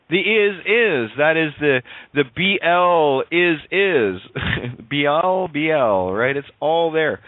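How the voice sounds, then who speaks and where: Animated radio host on a tinny line. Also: male voice, fairly high pitch, no echo. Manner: animated, swears freely, laughs often, wordplay on sounds. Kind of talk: excited, rambling call-in radio talk. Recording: tinny phone-like online call audio.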